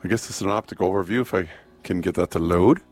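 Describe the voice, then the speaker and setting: Wry low-voiced radio host man. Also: quick pace, darkish tone, soft background music. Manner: wry, joking asides. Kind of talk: casual radio chat. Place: radio studio. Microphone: studio microphone.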